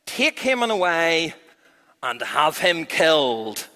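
A man's voice: on the high side, sing-song, takes it slowly, bright, forceful tone, heavily acted. A man voicing a stern, angry ancient king while telling a Bible story to children in an echoey church hall.

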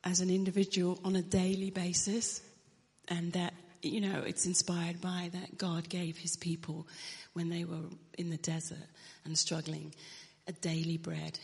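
A woman's voice: lowish voice, gravelly, a little mellow, big-room sound. A woman singer telling a personal faith story in an earnest way, dropping to a near whisper at the most emotional moments. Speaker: Christian singer.

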